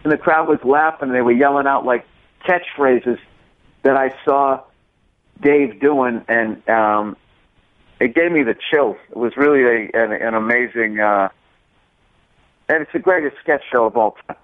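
A man's voice: mid-range voice, a little slow, long pauses, no echo. A comedian telling stories in a casual interview, acting out voices as he goes. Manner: animated storyteller, acts out voices. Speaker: comedian guest. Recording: tinny phone-line sound, dry.

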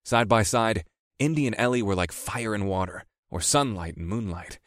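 A man's voice: fairly low pitch, lively intonation, moderate pace, fairly bright tone, no room sound, studio quality. A man narrating a first-person audiobook in a wry, easygoing storytelling manner.

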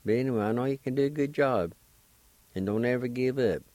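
A man hosting a radio language lesson, patiently spelling words and sounding out syllables slowly, with encouraging words for learners. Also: mid-range voice, a little mellow, dry recording. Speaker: radio language teacher and host. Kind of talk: slow step-by-step pronunciation lesson.

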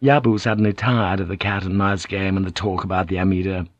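Low-voiced man reading a novel aloud. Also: fairly even intonation, brisk, dry recording, lo-fi sound. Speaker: audiobook narrator. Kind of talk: scripted narration of a novel.

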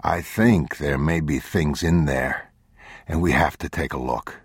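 A weary, protective father in a spoken storybook, his voice extremely deep and husky, as a male narrator voices him. He talks slowly, low and steady, calming a frightened child, recorded close and dry. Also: no room sound, exaggerated voice.

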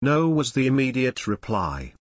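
Male narrator for a true-crime book: measured and expressive, with a lively rise and fall, recorded dry. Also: mid-range voice, no room sound.

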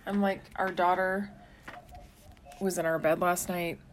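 Tired young woman, lowish voice. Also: level tone, unhurried, a little hiss or hum. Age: young adult. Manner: frank, tired, with frequent 'like'. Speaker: podcast co-host. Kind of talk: casual chat.

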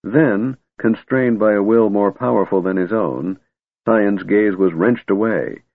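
Male audiobook narrator, husky, phone-thin sound. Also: on the low side, a little slow, no echo. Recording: tinny narrow-band recording.

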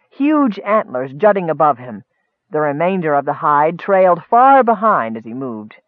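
A man narrating a comic fantasy story in a lively storytelling manner. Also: sits high, dry recording, narrow, tinny audio. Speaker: audiobook narrator. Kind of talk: scripted narration.

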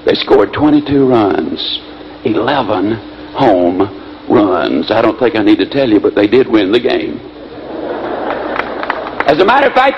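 Animated, high-voiced male motivational speaker. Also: highs cut off, noisy background. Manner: animated storytelling with lively voice shifts. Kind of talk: motivational speech with acted anecdotes.

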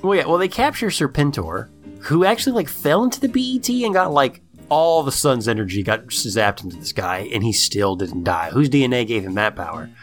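A man in casual chat, recapping a cartoon episode with lively storytelling and lots of "like", acting out the characters' lines. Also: mid-range voice, brisk, faint music behind. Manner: profane, lots of "like". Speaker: podcast co-host recapping a cartoon.

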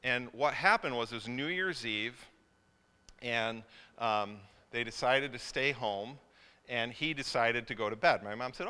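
A man's voice: mid-range voice, lively intonation, a little slow, pushed and bright, clear, resonant tone. A male pastor preaching a sermon, telling a family story in a loose, conversational way with many fillers and restarts. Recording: long hall reverb.

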